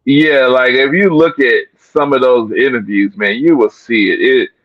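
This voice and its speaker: Animated man on a dry, dull recording. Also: medium pitch, moderate pace, dry recording. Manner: animated, repeats phrases. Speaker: panelist. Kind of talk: heated panel talk.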